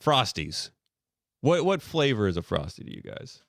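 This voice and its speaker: Animated ranting man on a podcast. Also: mid-range voice, moderate pace, dry recording, studio quality. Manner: ranting, animated, laughs often. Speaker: podcast co-host. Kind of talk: casual banter.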